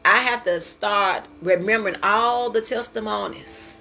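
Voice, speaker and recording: A woman's voice: medium pitch, a little slow, creaky, pushed and bright. A woman giving an informal devotional talk, earnest and repetitive, testifying and urging listeners to stop stressing. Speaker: devotional speaker. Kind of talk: informal preaching.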